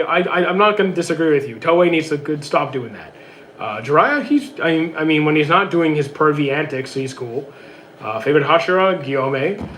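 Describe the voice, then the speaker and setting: A man streaming, reading out chat questions and answering them in a quick, offhand way with many fillers, his voice worn out. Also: on the high side, a bit bright, slight background noise. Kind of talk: casual livestream chat.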